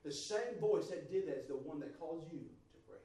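A man preaching a sermon to a congregation, moving from quiet, steady talk to loud, fervent shouting. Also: fairly high pitch, normal speed, recorded from a distance. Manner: builds from soft to shouting fervor. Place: church service. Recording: roomy church sound from off-mic. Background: congregation responses.

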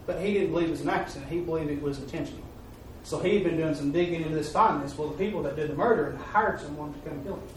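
Preacher in an echoey hall. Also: male voice, fairly high pitch, racing, few pauses. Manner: folksy, repetitive storytelling, rising to emphatic peaks. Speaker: preacher giving a mission report. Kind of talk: sermon storytelling. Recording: echoey hall, far-off mic, faint noise.

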